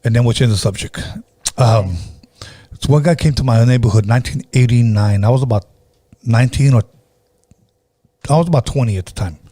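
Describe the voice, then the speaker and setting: A man's voice: medium pitch, fairly quick, pauses often, dark tone. A man in his fifties hosting a casual podcast, telling crude stories and acting out the people in them. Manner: crude storytelling, acts out the people he quotes. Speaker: podcast host. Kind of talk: casual chat.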